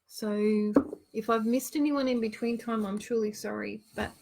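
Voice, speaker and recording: A woman's voice: a little high, steady tone, moderate pace, gravelly, slight background noise. Chatty woman reading cards live. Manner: chatty, giggly, reads cards aloud warmly. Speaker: card reader hosting a live show. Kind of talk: casual live-stream card reading.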